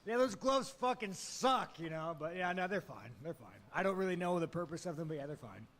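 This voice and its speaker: A fighter answering reporters at a press conference, brash and joking, swearing constantly. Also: male voice, high-pitched, lively intonation, brisk, fairly bright tone. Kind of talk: profane casual press talk.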